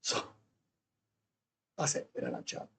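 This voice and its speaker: A Welsh man living in Thailand hosts a casual livestream from indoors, bluntly answering viewer comments. His sharp-toned voice is a little slow, and he swears freely and repeats himself.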